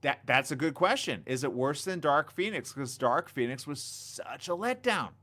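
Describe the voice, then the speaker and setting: A man hosting a casual live stream on a desk mic, reading viewer comments and chatting excitably. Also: on the high side, normal speed. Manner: animated, excitable, reads viewer comments aloud. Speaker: livestream host. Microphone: desk condenser mic.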